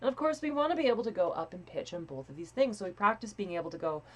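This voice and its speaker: A young woman coaching a live voice training lesson in a casual, chatty way, swearing freely and demonstrating breathy and pinched sounds. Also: mid-range voice, very animated, very fast.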